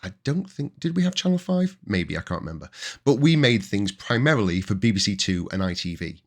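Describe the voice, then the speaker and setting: A man's voice: fairly low pitch, a little fast. A man in his forties with a Yorkshire accent, hosting his own podcast and telling chatty stories from his working life in a casual way. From Yorkshire, England. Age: 40s. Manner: chatty and anecdotal, with bursts of excited emphasis. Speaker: podcast host. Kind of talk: casual storytelling monologue.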